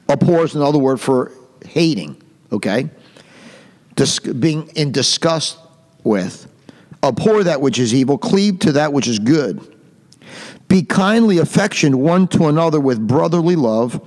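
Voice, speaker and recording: A man leading a Bible study, reading verses slowly and stopping to define words, then pressing his points with emphatic repetition. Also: a little high, a little mellow, big-room sound. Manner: slow, deliberate reading of scripture, pausing to define words; repetitive and emphatic, with rising intensity.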